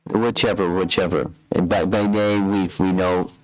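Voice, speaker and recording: A man with a very deep, low-pitched voice answers questions in a scripture class. He speaks haltingly, repeating words as he looks for the right phrasing, in the manner of a spiritual teacher explaining to his students. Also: steady tone, a little mellow, no echo, low-quality recording.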